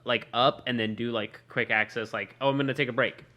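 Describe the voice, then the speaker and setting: A man co-hosting a casual tech podcast, rambling and leaning on "like" as he thinks out loud. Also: medium pitch, fairly even intonation, fairly quick. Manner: rambling, leans on "like" as a filler. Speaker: podcast co-host. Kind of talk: casual chat about tech gadgets.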